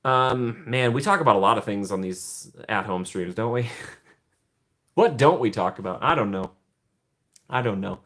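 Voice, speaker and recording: A man's voice: lowish voice, lively intonation, moderate pace, pauses often, a bit bright. A young man hosting a casual livestream from home, chatting with viewers in a rambling way, laughing often and trailing off. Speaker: livestream host.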